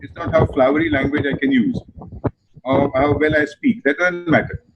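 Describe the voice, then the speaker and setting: An older man with an Indian English accent, telling stories from his advertising and theatre career in an emphatic, animated way. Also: fairly high pitch, moderate pace. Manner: animated, emphatic, repeats phrases in threes. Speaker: advertising and theatre veteran guest. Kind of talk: reflective storytelling interview answer. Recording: muffled video call audio with noise.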